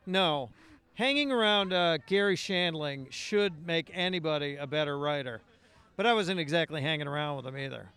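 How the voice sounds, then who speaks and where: Brief: man with a high, smooth voice, chatty storyteller on a podcast. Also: moderate pace, pushed and bright. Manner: storytelling with self-deprecating laughs. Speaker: comedian guest. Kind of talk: casual podcast chat.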